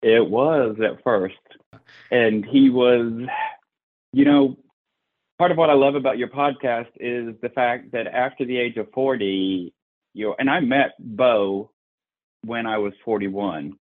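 A man's voice: mid-range voice, measured pace. A man in his forties with a Southern US accent, a podcast guest telling his story openly and frankly. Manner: open, frank, plainspoken. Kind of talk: candid personal storytelling. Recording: tinny phone-like line.

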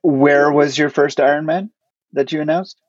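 A man's voice: a little high, steady tone, moderate pace, no echo, muffled recording. A male interviewer asking long, rambling questions.

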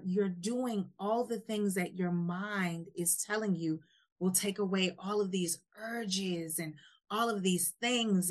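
A woman hosting an interview podcast, listening closely and speeding up when she makes a point. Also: mid-range voice. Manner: attentive, responsive, speeds up when making a point. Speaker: podcast host. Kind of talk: casual conversational interview.

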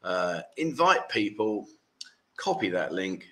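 A man's voice: fairly low pitch, very animated, takes it slowly, a bit bright. A man hosting a casual livestream, reading viewer comments aloud and chatting in a jokey, teasing way. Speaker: livestream host.

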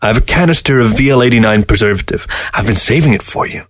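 A man voicing an older male taxidermist, proud and stubborn, speaking in a measured, earnest way. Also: mid-range voice, animated, dry recording, lightly acted.

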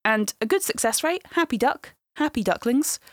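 A woman's voice: on the high side, animated, moderate pace, a bit bright, no echo, studio quality. A woman hosting a podcast in casual chat, playful and chatty, often breaking into laughs. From England. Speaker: podcast host.

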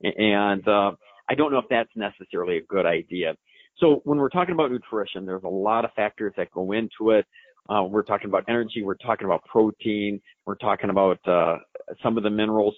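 A man in his forties with a somewhat low voice explains an expert answer to a listener, relaxed and folksy with many fillers. His voice is tinny and narrow, as if heard down a phone line, with no room sound at all. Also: fairly quick, no echo. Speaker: equine science expert. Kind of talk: answering listener questions on a live show.

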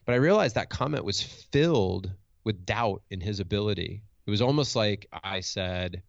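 Middle-aged male coach, low gravelly voice, reflective and earnest, dry lo-fi sound. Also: sing-song, moderate pace, no echo. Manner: reflective, earnest, with frequent restarts. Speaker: motivational speaker and coach. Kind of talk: storytelling in conversation. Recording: dull lo-fi dry recording.

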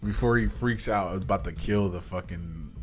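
A man's voice: deep voice, normal speed, soft background music. A man co-hosting a casual film review podcast, telling stories animatedly and laughing as he goes. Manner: animated storyteller, acts out scenes and laughs. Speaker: podcast co-host.

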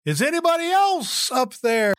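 A man's voice: very animated, normal speed, a bit bright, heavily acted. A man doing a frantic stranded hiker. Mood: pleading. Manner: frantic high-pitched pleading calls. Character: panicked stranded male hiker dangling off cliff.

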